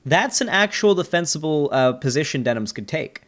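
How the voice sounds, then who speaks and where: A man hosting his channel, giving loose, animated commentary on a debate clip and swearing now and then. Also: fairly high pitch. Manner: animated, swearing, quick asides. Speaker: debate reviewer, channel host. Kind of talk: casual commentary.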